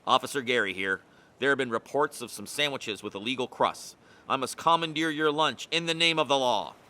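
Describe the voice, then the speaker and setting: A man's voice: medium pitch, brisk, sharp tone, natural voice. A man reading a picture book aloud, voicing a hungry, scheming male seagull who puts on official-sounding voices to get food. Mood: mock official. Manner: wheedling, plays at official voices.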